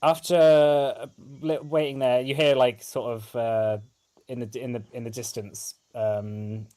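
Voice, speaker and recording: A man's voice: medium pitch, flat delivery, unhurried, warm tone. A man narrating as game master of a tabletop game, hesitant and full of fillers.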